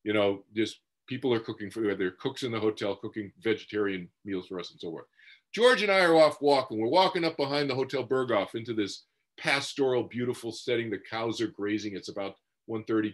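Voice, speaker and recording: This man speaks on the low side and briskly, giving a talk as a meditation teacher and speaker on past-life memories. He tells a personal story conversationally, full of "you know" asides and restarts, and is moved to tears at points.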